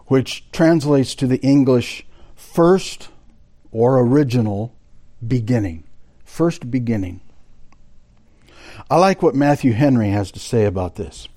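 A man's voice: mid-range voice, expressive, takes it slowly, dark tone. A man teaching a Bible study class, explaining a text and reading quotations aloud to his students. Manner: explanatory, quoting sources aloud, addressing the class directly.

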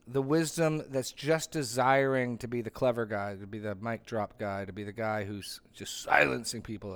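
A middle-aged man leading a Bible study as its pastor, conversational and full of restarts and asides while teaching a group. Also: medium pitch.

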